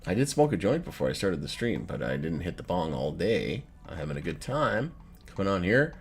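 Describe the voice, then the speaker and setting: A man's voice: low-pitched, sing-song, a little fast, husky. A man in his thirties hosting a casual live stream, reading chat aloud in a loose, profane way and laughing often. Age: 30s. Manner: loose, profane, laughs often, swings between joking and irritated. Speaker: livestream host reading chat.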